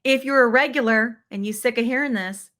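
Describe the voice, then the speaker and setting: A woman's voice: on the high side, brisk, a bit bright. A woman hosting a podcast, talking in an upbeat, chatty way with frequent ums. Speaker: podcast host. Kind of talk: casual podcast chat.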